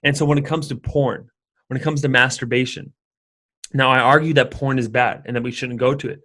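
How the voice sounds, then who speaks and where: A young man chatting casually as a podcast guest, his pitch sitting in the middle range. He rambles and circles back, trips over his own phrases and leans on fillers as he tells a story. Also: steady tone, a little fast, fairly bright tone. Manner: rambling, full of fillers and restarts. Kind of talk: casual conversation.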